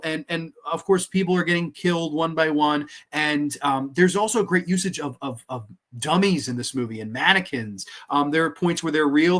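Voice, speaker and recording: A man's voice: on the high side, fairly bright tone. A man hosting a horror film podcast in an enthusiastic, profane, casual way, with lots of fillers and restarts. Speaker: podcast host, film reviewer.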